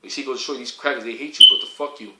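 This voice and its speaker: A man delivering a heated, profane preaching rant, repeating himself and rising to shouts. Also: mid-range voice, steady tone, very fast, echoey room, very noisy.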